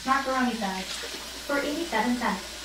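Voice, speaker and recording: A woman's voice: on the high side, normal speed, noisy background. A woman reading viewer comments aloud during a cooking livestream. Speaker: chat reader on a livestream. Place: home kitchen. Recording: very echoey kitchen, mic far off. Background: food frying and sizzling.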